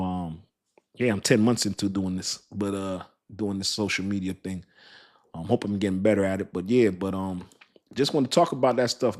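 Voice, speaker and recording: A man hosting a crypto video, talking casually in a loose, rambling, slangy way and laughing often. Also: lowish voice. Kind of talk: casual talk to camera.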